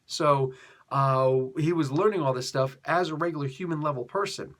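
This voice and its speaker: A man's voice: fairly high pitch, moderate pace, a bit bright. A middle-aged man chatting casually as he reviews a comic book, laughing often and acting out the characters' lines.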